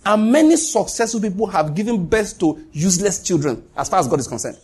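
A male pastor delivers a sermon in a fairly high, husky, darkish voice, talking a little fast. He hammers his points home through repetition, his pitch swinging widely as it leaps up and drops low.

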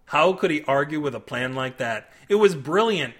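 A man narrating an audiobook in a wry, deadpan comic way. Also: a little high, normal speed, few pauses, husky. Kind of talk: scripted narration.

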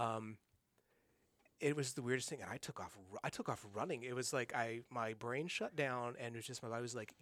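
A man's voice: mid-range voice, brisk, dry recording. Man telling a rambling ghost anecdote. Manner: rambling, animated anecdote with many fillers and restarts. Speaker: guest. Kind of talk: casual storytelling. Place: studio.

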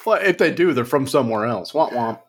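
A man's voice: mid-range voice, expressive, fast talker, slightly rough. A man from Louisiana co-hosting a podcast, riffing playfully in a mock-dramatic way during a casual chat. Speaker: podcast co-host.

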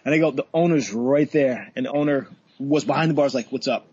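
A man, a bartender, casually telling a work story, animated, swearing and acting out what people said, with laughs. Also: medium pitch, brisk, few pauses, slightly rough, highs cut off. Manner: animated, swearing, laughs often, acts out quotes.

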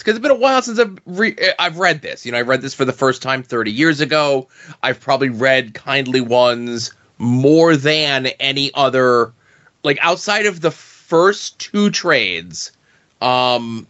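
A man's voice: medium pitch, pushed and bright, muffled recording. A man co-hosting a podcast, rambling casually about rereading a comic series. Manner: rambling, with fillers and restarts. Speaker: podcast co-host. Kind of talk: casual comic-book chat.

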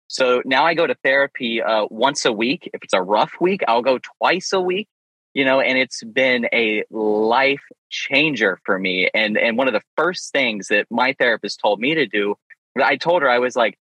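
A man's voice: medium pitch, moderate pace, bright, forceful tone, dry recording, highs cut off. A man in his thirties who owns a pet care business, speaking frankly and openly about personal experience in a roundtable discussion, with self-deprecating humor.

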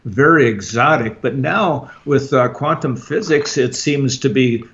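A man guest in an interview, talking haltingly with many fillers and restarts, on a dull lo-fi recording. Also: medium pitch, fairly bright tone. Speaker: guest author. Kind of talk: casual interview chat. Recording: dull lo-fi sound.

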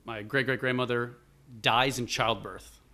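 A man from Buffalo, New York, tells a long family story as a guest in easy, rambling chat. His voice sits at an everyday middle pitch, and he keeps the tale moving by acting out what people said. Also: a little slow. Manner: lively, rambling storyteller with acted-out quotes. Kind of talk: casual storytelling.

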